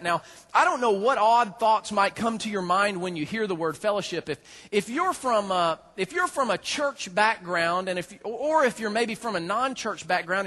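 A man preaching a sermon as a pastor, folksy and joking, with animated storytelling. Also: high-pitched.

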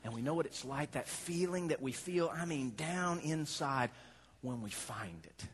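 Animated high-voiced preacher in a reverberant hall. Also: male voice, measured pace, husky. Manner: animated, playful, dramatic storyteller. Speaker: pastor. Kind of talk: storytelling sermon.

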